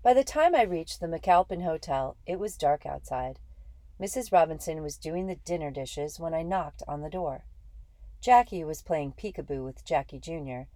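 A woman reading a first-person children's story aloud in a steady, earnest way. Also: deep voice, normal speed, no echo, rough recording. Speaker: audiobook reader. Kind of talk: first-person audiobook narration.

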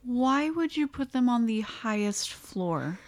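A woman co-hosting a paranormal podcast, chatting casually and mostly giving brief, low-key replies. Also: expressive, slow pace, dry recording, studio quality. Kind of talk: casual chat.

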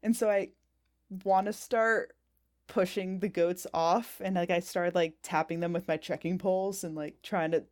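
A woman from New Hampshire with a lowish voice tells stories as a podcast guest. She is chatty and casual and keeps filling her sentences with "like" and "um.". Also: fairly even intonation, normal speed, darkish tone, dry recording, clean studio sound. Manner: chatty, leans on fillers like "like" and "um". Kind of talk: casual storytelling.

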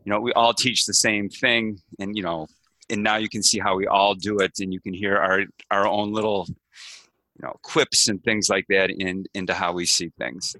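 A man guest on a podcast, explaining his coaching course in casual, steady talk. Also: fairly low pitch, normal speed, no echo, rough recording. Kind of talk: casual interview chat.

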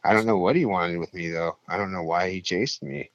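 Low-voiced man telling a profane story. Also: fairly quick, creaky, dry recording, lo-fi sound. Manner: profane, rambling, animated when quoting people. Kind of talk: casual storytelling chat.

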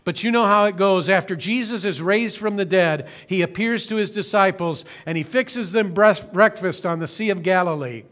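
Male pastor with a higher-pitched voice, earnest and slow-phrased sermon delivery, occasional self-corrections. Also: a bit bright. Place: church streaming service.

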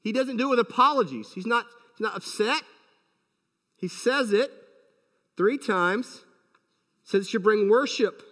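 A man's voice: high-pitched, expressive, a little slow, long pauses, a bit bright, long reverb tail. A man preaching a sermon as a pastor, emphatic and full of rhetorical questions.

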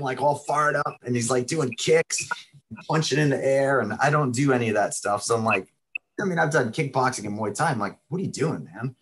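A man of medium pitch and fairly bright tone talks with a little hiss or hum in the background. He is a middle-aged martial arts school owner guesting on a podcast, laid-back and chatty as he tells stories in the interview.

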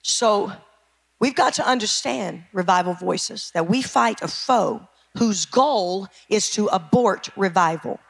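A woman pastor preaching a fervent sermon, often shouting and calling out to her congregation. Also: mid-range voice, slow pace, gravelly. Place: church sanctuary.

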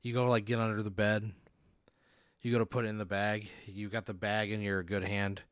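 A man's voice: on the low side, little pitch movement, moderate pace, fairly bright tone, smooth, no room sound, studio quality. A man hosting a podcast, casually narrating a made-up scenario to his guest, laid-back and chuckling as he sets each scene. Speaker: podcast host narrating a hypothetical. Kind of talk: casual improvised storytelling.

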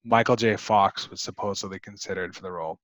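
Low-voiced man chatting about movies. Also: fairly even intonation, fast, a bit bright, no room sound, low-quality recording. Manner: rambling, chatty with many fillers. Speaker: podcast co-host. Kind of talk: casual movie discussion.

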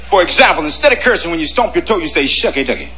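A man doing a stand-up comedy bit with a raspy, laughing delivery. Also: on the high side, lively intonation, rapid-fire. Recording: loud crowd ambience on a played clip.

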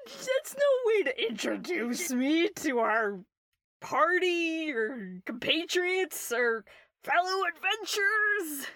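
A woman's voice: very high-pitched, sing-song, takes it slowly, fairly bright tone, dry recording, studio quality, voice pushed up, exaggerated voice. A woman voicing a lanky, drunk male human bard who stammers and boasts. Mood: mock offended.

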